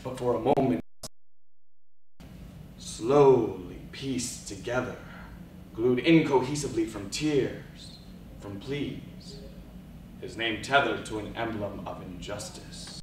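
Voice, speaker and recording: A man giving a dramatic oral interpretation of poetry, slow and theatrical, dropping to hushed lines and rising to loud cries. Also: fairly low pitch, slight background noise. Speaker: speech and debate competitor. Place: large event hall. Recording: echoey hall recorded from far off.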